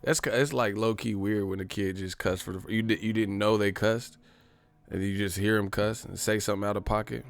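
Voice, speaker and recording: Gravelly, low-voiced man joking on a live stream. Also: fairly even intonation, brisk. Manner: profane, joking, puts on voices for bits. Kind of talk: casual live-stream chat reading super chats.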